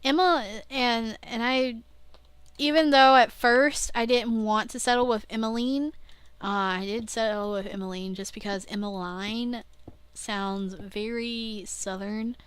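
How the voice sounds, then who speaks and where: A woman's voice: fairly high pitch, steady tone, unhurried, clean tone, no room sound. A young woman vlogging casually, rambling and interrupting herself, often laughing at her own slips. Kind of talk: casual rambling video diary.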